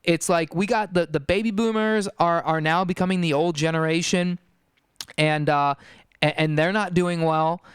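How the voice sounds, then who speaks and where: A man's voice: a little high, steady tone, moderate pace, clean tone, dry recording, clean studio sound. A man, perhaps in his forties, hosting a podcast in a blunt, sarcastic, profane rant. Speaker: podcast host. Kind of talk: casual ranting monologue.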